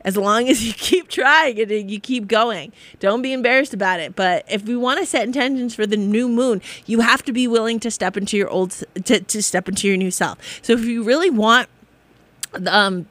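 A woman's voice: fairly high pitch, moderate pace, fairly bright tone, no room sound. A woman hosting a casual spiritual talk, rambling and encouraging, often breaking into laughter. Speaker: spiritual podcast host.

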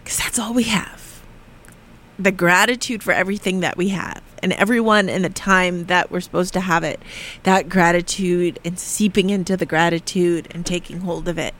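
A heartfelt, reflective voice recorded in a radio studio. The speaker halts, restarts and leans on "you know" as they think aloud. At tender moments it sinks toward a near whisper, at a middle pitch. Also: fairly even intonation, moderate pace, a bit bright. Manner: earnest and heartfelt, drifting at times into a near whisper. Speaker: radio show speaker on grief and spirit communication. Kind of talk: reflective spoken monologue.

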